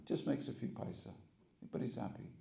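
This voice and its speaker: A man preaches briskly in an echoey temple hall full of listeners, telling stories and animatedly acting out each character as part of his sermon.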